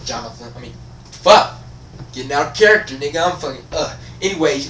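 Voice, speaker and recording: Profane, animated teenage guy ranting. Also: medium pitch, a little fast, a little hiss or hum. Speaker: vlogger. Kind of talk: casual storytelling rant. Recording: echoey room, voice from far off.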